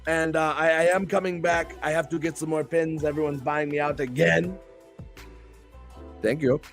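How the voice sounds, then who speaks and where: Man, stream show host, playful rambling hype, raspy fry, soft music underneath. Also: a little high, fairly even intonation, normal speed. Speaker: host and professional wrestler. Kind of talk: live stream talk show chat.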